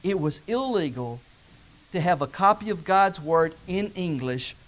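High-voiced preacher swinging loud to hushed. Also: male voice, animated, a little slow. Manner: dramatic swings from loud calls to hushed low asides. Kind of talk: sermon.

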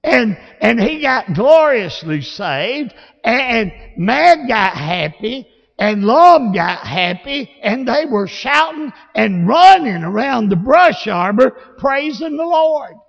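A man with a Southern accent preaching a sermon, telling folksy stories and rising to shouts. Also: extremely high pitch, big pitch swings, slow pace, vocal fry. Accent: Southern American. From Alabama. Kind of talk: sermon with storytelling. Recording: lo-fi, long reverb of a church hall.

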